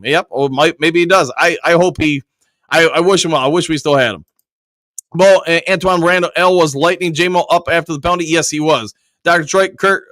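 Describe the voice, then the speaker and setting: A man's voice: on the high side, a bit bright, no echo. A man hosting a live sports fan stream, reading viewer comments aloud and answering them in a loose, filler-heavy way, with some audible lip smacking. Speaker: host reading viewer chat. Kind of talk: casual live-stream chat.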